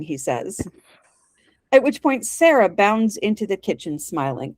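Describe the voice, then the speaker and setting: This podcast co-host has a voice on the low side and speaks a little slowly, with no echo. In casual chat she recaps a drama scene by scene, reading the lines aloud with lively voiced quotes and laughing along.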